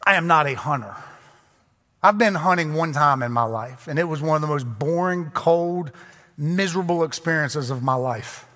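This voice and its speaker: Guy pastor giving a sermon, chatty and self-mocking, bit of a high voice. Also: moderate pace, bright, forceful tone. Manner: conversational, joking, self-deprecating. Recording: long hall reverb.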